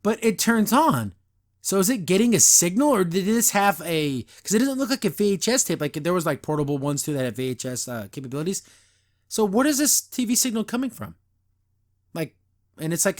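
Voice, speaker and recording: A man's voice: on the high side, big pitch swings. A middle-aged man hosting a podcast, reviewing a cartoon in casual, rambling chat full of "like" and "uh". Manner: rambling, lots of "like" and "uh", quick put-on voices when recapping scenes.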